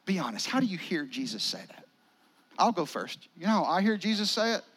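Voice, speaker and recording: A male pastor, preaching a sermon in a conversational style with dramatic pauses and near-whispers. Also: high voice, very animated, fairly bright tone, breathy edge.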